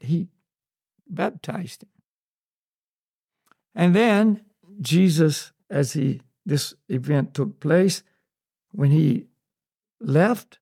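A man in an unscripted spiritual discussion, talking slowly and searchingly with many restarts and "you know"s. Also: fairly high pitch, a little mellow, dry recording, clean studio sound. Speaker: podcast co-host on spiritual topics.

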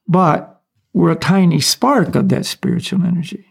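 A man from the United States, a spiritual teacher, explaining ideas in a relaxed, casual conversational way with small chuckles. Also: a little high, normal speed, creaky, slightly rough.

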